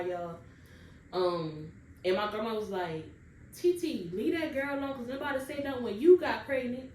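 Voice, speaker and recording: Chatty young woman telling a storytime vlog. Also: medium pitch. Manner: chatty, keeps addressing viewers directly. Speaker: vlogger. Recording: roomy, distant mic, faint background noise.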